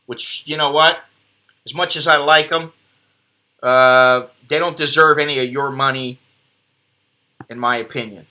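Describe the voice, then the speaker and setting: A man's voice: on the high side, pushed and bright. A middle-aged American man hosting a casual live stream from his computer, rambling and joking at himself. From United States. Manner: rambling, self-deprecating, joking. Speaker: host.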